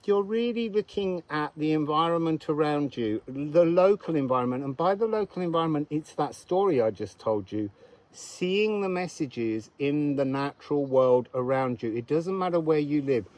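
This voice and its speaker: A man's voice: on the high side, expressive, moderate pace, darkish tone, rough recording. A man giving a casual, meandering astrology and card reading outdoors, thinking aloud as he goes.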